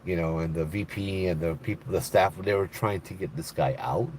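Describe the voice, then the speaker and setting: Speaking in Hawaiian Pidgin-tinged English, this middle-aged man swaps stories in a relaxed live stream chat. His voice sits low at an ordinary pace with slight background noise behind it, and he laughs a lot, perking up when imitating what others said.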